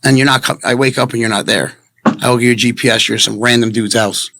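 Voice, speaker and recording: A man's voice: mid-range voice, fairly even intonation, fast, vocal fry, bright, forceful tone, dry recording. A man giving an emotional, defensive interview about his breakup, rambling and earnest.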